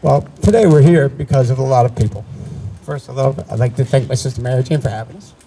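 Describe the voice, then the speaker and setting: A New Jersey man in his sixties speaks fast at a memorial ceremony, his medium-pitched voice creaky over background noise. He tells family stories conversationally, often restarting his sentences, in a personal storytelling style.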